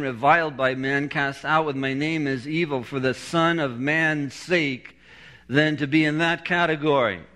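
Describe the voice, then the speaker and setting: A man's voice: on the high side, a bit bright. A middle-aged man preaching a sermon, telling a story with humor and laughing at his own jokes.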